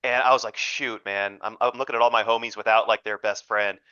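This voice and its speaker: A young man hosting a casual chat on a video call, relaxed and reassuring. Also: fairly low pitch, a little fast, clean tone, no room sound. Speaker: podcast host. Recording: dull, dry lo-fi mic.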